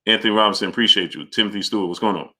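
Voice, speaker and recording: Bright-voiced male live-stream host, lowish pitch, calls out chat names and argues hard. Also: very fast. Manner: greets viewers by name, argues forcefully. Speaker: boxing channel host.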